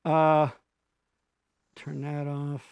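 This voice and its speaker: A man's voice: on the high side, monotone, extremely slow, gravelly, clear, resonant tone, dry recording, dull audio. A middle-aged man co-hosting a live stream, joking and rambling with crude banter.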